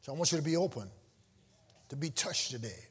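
A man preaching a sermon to a live congregation, calling out questions, teasing the listeners and rising into shouts. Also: a little high, animated, brisk, breathy edge. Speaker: pastor. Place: church before a live congregation.

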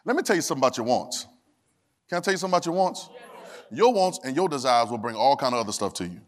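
A man preaching a sermon to a congregation, calling for responses and swinging between soft asides and shouted, sung phrases. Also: mid-range voice, big pitch swings, rapid-fire. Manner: Southern Black church vernacular, drops verbs. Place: church sanctuary.

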